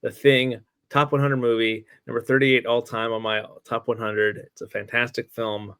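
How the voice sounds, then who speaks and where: A man's voice: mid-range voice, level tone, normal speed, fairly bright tone, smooth, dry recording. A man co-hosting a casual TV review podcast, making short, laid-back remarks. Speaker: podcast co-host.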